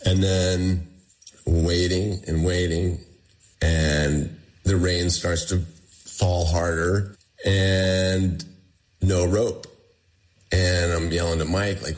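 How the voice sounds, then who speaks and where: A man's voice: deep voice, takes it slowly. A man recounting a personal ordeal in a conversational interview, acting out what others said. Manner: animated retelling, acting out quoted dialogue. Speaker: guest telling his survival story. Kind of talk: conversational storytelling.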